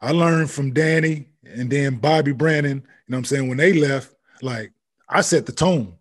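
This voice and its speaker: A man's voice: mid-range voice, normal speed. A man hosting a casual podcast chat, laid-back and profane as he tells stories. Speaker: podcast host, former college basketball player.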